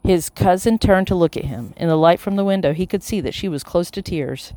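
Steady audiobook narrator, dry sound. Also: mid-range voice, brisk, no echo. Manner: steady and even, with character voices. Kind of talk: scripted storybook narration.

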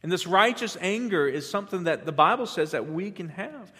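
A man preaching a sermon to a congregation, moving from quiet teaching to loud, emphatic passages with frequent restarts. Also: sits high, lively intonation, fairly quick, few pauses, in a large hall. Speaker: pastor.

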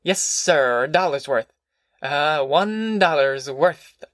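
A man voicing a tiny, bald store clerk who speaks slowly and slyly. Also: on the high side, expressive, fairly bright tone, dry recording, studio quality. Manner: drawn-out, sly.

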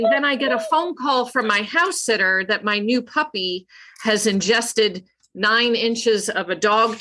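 Her voice fairly high, a woman who is a clinical psychologist shares a story as a guest in a casual interview. She tells it with animation and self-mockery, laughing frequently.

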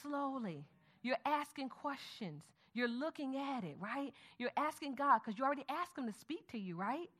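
A woman teaching a Bible study method, prompting her audience with questions and murmuring softly as she skims the passage. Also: sits high, animated, moderate pace. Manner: call-and-response questions to the audience; murmurs softly while skimming the text aloud.

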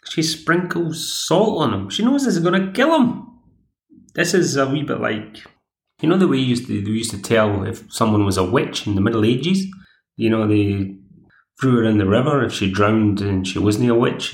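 A man's voice: on the low side, gravelly. Male podcast host, digressive recapper, echoey room. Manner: chatty, digressive. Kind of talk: casual episode recap.

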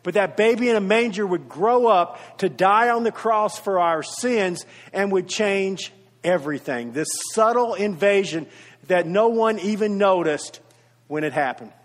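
Speaking at a measured pace, this pastor has a high, expressive voice. He preaches earnestly, hammering home his main points through repetition and weaving in little stories, all captured in a hall full of reverb.

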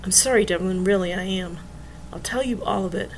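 A man's voice: high-pitched, brisk, a little hiss or hum, poor audio. Woman voicing an evasive, apologetic man.

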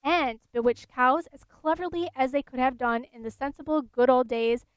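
A woman storyteller reading an old ghost story aloud at a measured, steady pace. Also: high-pitched, no room sound.

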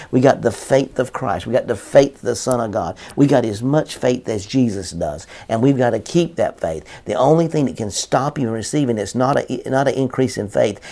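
Man, preacher, sermon, earnest, repetitive, mellow voice, mid pitch.

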